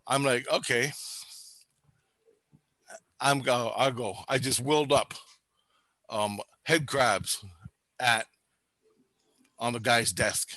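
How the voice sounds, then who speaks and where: A man's voice: slow, long pauses, dry recording. A man telling a wild story in casual chat, rambling and swearing, laughing and acting out voices along the way. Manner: animated, laughing, acts out voices with big pitch jumps. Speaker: storyteller recounting experiences.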